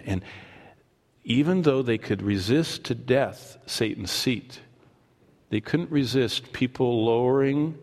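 A man preaching a sermon as pastor, animated and acting out scripture in voices. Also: mid-range voice. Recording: long hall reverb.

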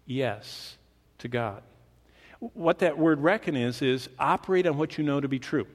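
A man preaching a sermon to a congregation, animated, with his pace and volume shifting for emphasis. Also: mid-range voice. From Michigan. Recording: long reverb of a hall.

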